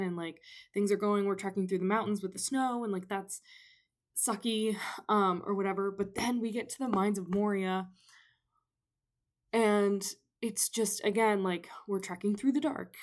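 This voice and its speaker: A young woman in a casual vlog, bubbling over with excitement. She rambles breathlessly and is full of "like" and "um." She sounds slightly out of breath. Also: mid-range voice. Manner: gushing, breathless, many fillers, rambling enthusiasm. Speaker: book vlogger. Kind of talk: excited casual book chat.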